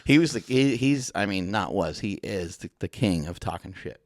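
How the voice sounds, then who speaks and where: Profane storytelling podcast host, low voice. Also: male voice, lively intonation, moderate pace, dry recording, clean studio sound. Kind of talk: casual podcast chat.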